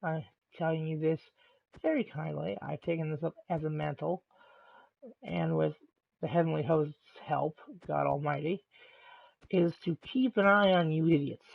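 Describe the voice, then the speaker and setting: A man streaming live, delivering an angry rant in a deliberately calm, measured voice with halting pauses. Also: on the high side, vocal fry. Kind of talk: ranting monologue on a live stream. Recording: tinny, phone-like lo-fi sound.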